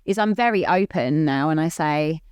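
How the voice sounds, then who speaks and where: A woman with a slightly low voice, chatting candidly on a podcast. She rambles, fills her sentences with "like", and stays open and earnest throughout. The close mic sounds dry, with almost no room. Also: normal speed, a little mellow, smooth, no room sound. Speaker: podcast co-host. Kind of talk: candid casual chat.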